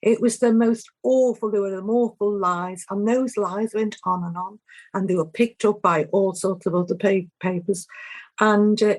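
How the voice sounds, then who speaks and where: An older woman with a Liverpool accent, an activist speaking with passion in an interview, halting and restarting often. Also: medium pitch, fairly even intonation, darkish tone. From England. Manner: impassioned, halting, with frequent restarts. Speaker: activist guest. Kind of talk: emotional interview testimony.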